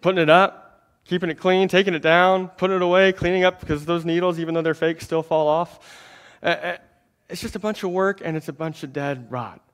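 A man preaching a sermon in a conversational way, talking straight to the congregation, repeating words and swinging between emphatic and hushed lines. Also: fairly high pitch, fairly even intonation, brisk, clear, resonant tone. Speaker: pastor.

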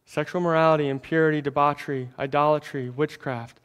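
A man preaching a sermon in a conversational way, talking straight to the congregation, repeating words and swinging between emphatic and hushed lines. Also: on the high side, fairly even intonation, fast, few pauses. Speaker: pastor.

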